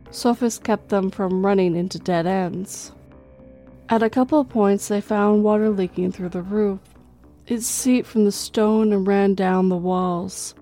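Lady reading creepy stories, slow and steady, mellow voice, faint music. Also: medium pitch. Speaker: horror story narrator. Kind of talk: scripted horror narration.

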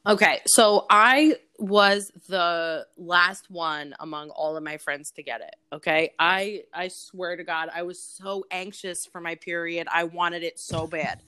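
A woman in her forties tells personal stories as an interview guest. Her voice sits a little low, and she talks openly and profanely, with plenty of fillers and laughs. The sound is close and dry, with no room echo. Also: fairly even intonation, a little slow, few pauses, pushed and bright, smooth. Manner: candid, frank and profane, with frequent laughs and fillers. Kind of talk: casual interview storytelling.

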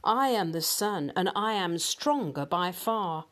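A woman voicing a self-assured, sneering female sun in a storybook reading, speaking slowly. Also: fairly low pitch, lively intonation, fairly bright tone. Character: calm, proud, scornful female sun.

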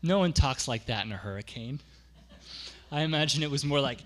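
A man's voice: medium pitch, animated, fairly quick, a bit bright. A man preaching a sermon as pastor, conversational, explaining with asides and repeating key phrases for emphasis.

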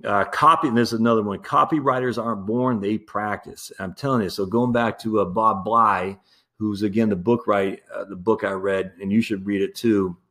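Male podcast host, lowish voice, casual, candid solo rambling with fillers and light chuckles. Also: fairly even intonation, normal speed, pushed and bright. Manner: rambling and candid, with many fillers and restarts, calling listeners "my friends"; laughs easily while talking.

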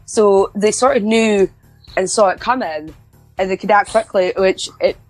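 A woman co-hosting a casual podcast, talking in long, rambling runs full of restarts. Her voice sits in a middle pitch range, with faint music behind her. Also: a little slow, a little mellow, dry recording, poor audio. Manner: chatty, rambling with many restarts. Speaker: podcast co-host. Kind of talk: casual wrestling chat.

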